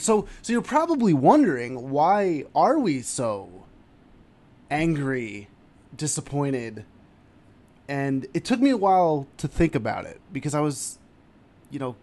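A man co-hosting a casual sports chat, animated and ranting with sudden loud outbursts. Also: on the high side. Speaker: podcast co-host.

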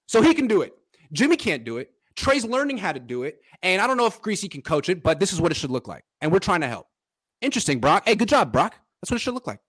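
A man's voice: sits high, very animated, fast, fairly bright tone, husky. A man hosting a casual sports podcast, animatedly breaking down football film and chatting with his father. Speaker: podcast host.

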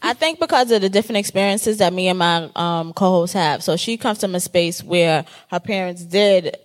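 A woman's voice: fairly low pitch, normal speed. A woman podcast host talking candidly and emphatically in a casual panel discussion, swearing freely.

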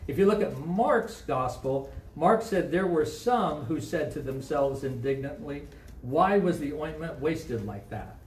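Conversational Midwestern pastor preaching in an echoey church. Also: male voice, fairly high pitch, expressive, unhurried, a little hiss or hum. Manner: conversational, asks the congregation questions. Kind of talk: sermon. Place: church sanctuary. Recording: echoey room, mic from a distance.

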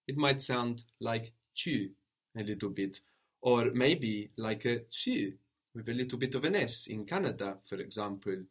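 A man teaching a language lesson, patiently modeling pronunciation slowly and asking a student to repeat. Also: mid-range voice, lively intonation.

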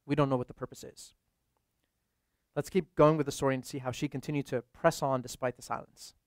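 A man's voice: medium pitch, steady tone, brisk, dry recording, studio quality. A young adult man, a priest, giving a casual, conversational sermon full of "like" fillers.

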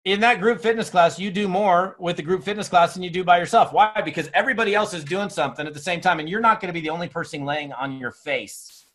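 Energetic motivational speaker man, higher voice. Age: middle-aged. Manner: energetic, rambling, repeats himself. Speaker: speaker and trainer. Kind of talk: motivational talk.

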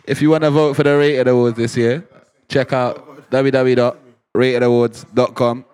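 A man's voice: medium pitch, little pitch movement, moderate pace, a little mellow, smooth. A man on a podcast, chatting casually and plugging an awards vote. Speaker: podcast co-host. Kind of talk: casual chat and plug.

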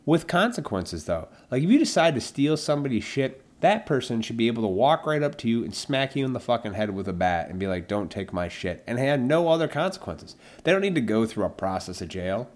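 A man's voice: mid-range voice, very animated, a little fast, hardly any pauses. A man hosting a podcast alone, ranting with a lot of profanity and mockingly acting out the imagined people he argues with. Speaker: podcast host. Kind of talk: solo podcast rant.

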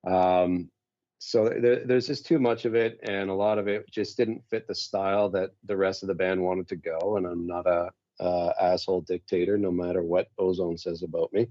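A man's voice: deep voice, fairly even intonation, normal speed, warm tone, dry recording. A male musician guest chatting casually over a call, rambling and self-deprecating in a laid-back way. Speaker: musician guest, band singer. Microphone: call audio. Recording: dull lo-fi call audio.

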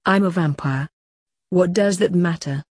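A woman voicing a rash, snappish young vampire man, in a husky voice. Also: on the low side, measured pace, darkish tone, no echo, studio quality.

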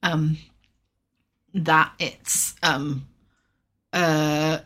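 A woman co-hosting a podcast, reasoning through points in a measured, dry way. Her voice is low and slightly husky. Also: steady tone, fairly bright tone. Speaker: podcast co-host. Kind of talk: casual podcast discussion.

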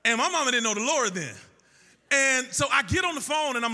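A man's voice: extremely high pitch, animated, fairly quick, pushed and bright. A man preaching a sermon in a sing-song cadence, telling stories and acting out the dialogue. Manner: storytelling with acted-out dialogue. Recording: long reverb of a large hall.

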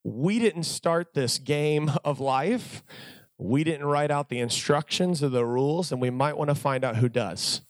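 Male youth preacher, sermon, joking storyteller, high voice, dry close sound. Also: no echo.

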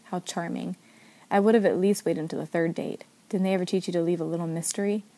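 A woman voicing a smooth-talking male vampire who teases and threatens his prey in a read-aloud story. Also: fairly low pitch, fairly even intonation, fast talker, warm tone, lightly acted. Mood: menacing. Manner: sly, teasing.

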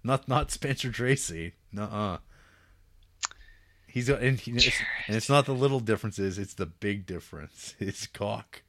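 A man's voice: on the low side, expressive, a little slow, fairly bright tone. A man co-hosting a film podcast, talking casually and profanely, laughing and acting out scenes with sarcasm. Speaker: podcast co-host reviewing films.

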